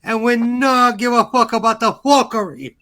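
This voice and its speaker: A man putting on a mock Jamaican voice, talking slowly and boastfully in patois. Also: very high-pitched, bright, forceful tone, voice pushed up.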